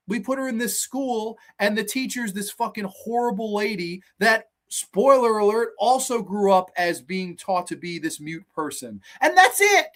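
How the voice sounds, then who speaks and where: A host reviewing episodes in a casual rant, profane and exasperated, swearing often, with pitch jumping when worked up. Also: expressive, moderate pace, hardly any pauses, a bit bright.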